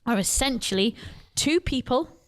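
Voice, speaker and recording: A woman's voice: fairly high pitch, expressive, normal speed, a little hiss or hum. A woman co-hosting a podcast, explaining things in chatty casual talk. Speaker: podcast co-host. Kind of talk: casual chat.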